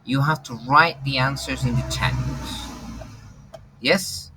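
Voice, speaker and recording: A man teaching an online language class, repeating his instructions in an animated way and laughing often. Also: mid-range voice, slow, noisy background.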